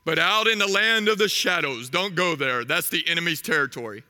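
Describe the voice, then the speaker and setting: A man voicing a solemn adult male lion king who warns his son, in a lower voice than his own, in a cartoon retelling. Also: lively intonation, fairly quick, pushed and bright.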